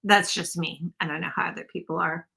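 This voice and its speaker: A woman's voice: lowish voice, fairly even intonation, a little fast, vocal fry, bright, forceful tone, slightly rough. A woman hosting a casual craft livestream, rambling and self-deprecating as she chats with viewers. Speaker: craft video host.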